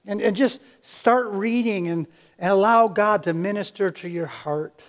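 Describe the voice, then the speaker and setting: A man's voice: high-pitched, unhurried. A man preaching a sermon as pastor, earnest and conversational, often restarting words and acting out little quotes.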